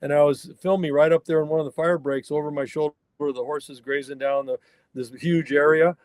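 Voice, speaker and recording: A man's voice: fairly high pitch, fairly even intonation, a little fast, a little mellow, clean tone, dry recording. A man, a wild horse researcher from the northern California mountains, telling a story as a guest on a remote interview and acting out the people he quotes.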